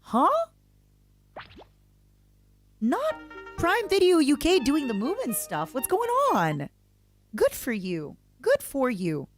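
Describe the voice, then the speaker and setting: A woman streamer chatting casually and reacting to clips, excitable and playful, squealing over cute things. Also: sits high, a little slow, soft background music.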